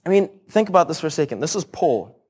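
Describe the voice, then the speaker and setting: A man's voice: a little high, very animated, fast talker, a little mellow, husky. A man preaching a sermon in a casual, conversational way, retelling a story with humor and frequent restarts. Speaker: pastor.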